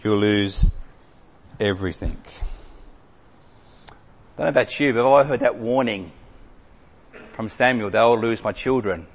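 A male preacher delivering a sermon in a large, reverberant hall, his voice sitting at an ordinary middle pitch. He leans into scripture with forceful, raised emphasis, then drops to hushed, drawn-out lines for weight. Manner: dramatic swings from loud emphasis to hushed drops.

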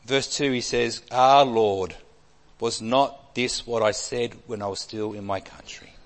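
A man's voice: medium pitch, steady tone, measured pace. Emphatic male preacher in a reverberant hall. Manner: expository preaching, emphatic with wide swings in volume. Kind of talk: sermon.

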